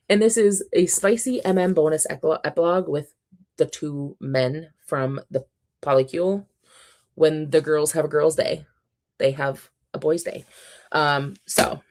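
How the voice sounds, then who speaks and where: A woman's voice: sits low, darkish tone. A young woman hosting a casual book livestream, reading out chat messages and gushing with frequent laughs and ums. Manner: chatty, gushing, laughs often, many ums.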